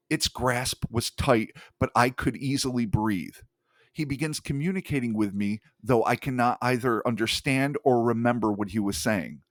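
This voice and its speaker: A male podcast host reading an account aloud in a hushed, measured way, with casual swearing in his asides. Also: mid-range voice, no room sound.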